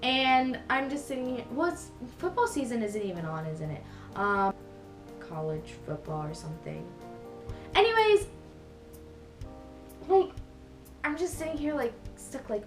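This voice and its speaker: Sing-song and a little high, this young woman's voice moves unhurriedly, pausing often as she rambles through a vlog story with fillers and self-corrections. Faint music plays behind her in an echoey room.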